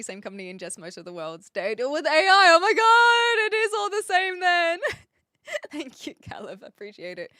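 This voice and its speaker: A woman's voice: medium pitch, bright, forceful tone, no room sound, clean studio sound. A young woman live streamer chatting casually with viewers, laughing often as she talks.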